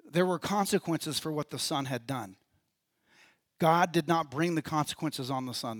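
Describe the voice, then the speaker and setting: A man's voice: a little high, no room sound. A man preaching a sermon in church as pastor, talking in a conversational way and putting questions to the congregation.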